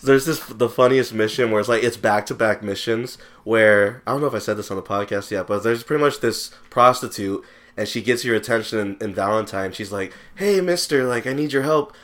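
A man's voice: fairly low pitch, steady tone, fairly quick, a bit bright. A young man hosting a podcast in casual chat, telling laid-back, profane anecdotes. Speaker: podcast host.

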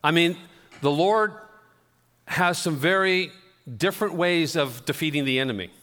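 A pastor preaching a sermon, telling conversational, self-deprecating stories. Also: male voice, fairly high pitch, normal speed, sharp tone. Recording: long reverb of a church hall.

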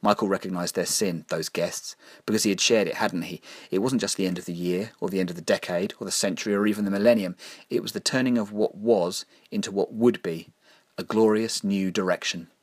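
A man narrating a dark horror story in a measured, grim storytelling manner, slowing down to lean on key phrases. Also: low voice, steady tone, no echo.

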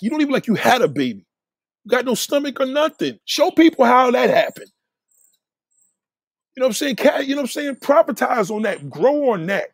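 Husky high-voiced man ranting bluntly. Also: no room sound, clean studio sound. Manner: blunt, lecturing, swings between loud and low. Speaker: livestream host. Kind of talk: profane casual rant.

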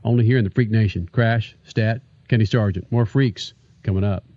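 A man's voice: on the low side, normal speed, muffled recording, heavy background noise. A man hosting a radio show, reflecting on a driver and then promoting upcoming segments in an upbeat way.

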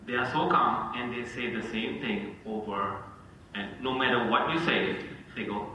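A man, a physician, telling lively stories in a casual podcast discussion and acting out phone calls. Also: medium pitch, normal speed. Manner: animated storyteller, acts out phone calls. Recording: echoey room, distant mic, faint noise.

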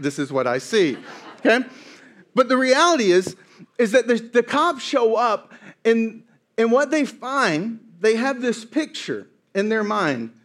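A man preaching a sermon, telling a story with playful, animated asides. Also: high voice. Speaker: pastor.

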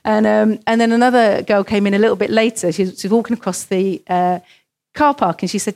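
A woman preaches in a church, leaning on stories from her own congregation. She slips into the voices of the people she quotes as she goes. Her voice sits at a middle pitch and carries a steady, plain delivery. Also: brisk, gravelly. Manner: storytelling, acts out quoted voices. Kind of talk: sermon.

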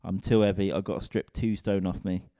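A man's voice: deep voice, flat delivery, a little fast, warm tone, no room sound, clean studio sound. A man, a comedian and podcast host, rambling in a casual, sweary, self-mocking solo rant.

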